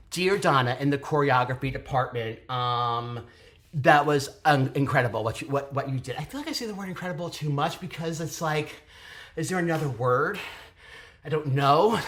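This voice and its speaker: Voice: mid-range voice, fairly bright tone. Casual reviewer, theatrical and gushing, rambling with whispered asides. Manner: rambling, self-interrupting. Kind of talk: excited casual review monologue.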